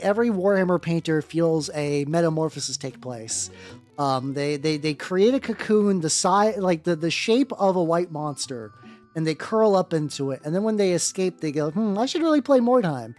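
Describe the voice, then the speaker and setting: A woman's voice: lowish voice, normal speed, darkish tone. A woman streaming while she paints miniatures, rambling casually, greeting viewers and swearing now and then. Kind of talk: casual livestream chat. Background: faint background music.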